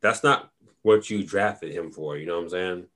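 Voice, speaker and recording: A man with a low, deep voice talks in relaxed, casual podcast chat. He rambles easily and leans on fillers as he makes his points. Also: moderate pace. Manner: laid-back, rambling, lots of "you know". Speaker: podcast co-host. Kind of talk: casual fantasy football chat.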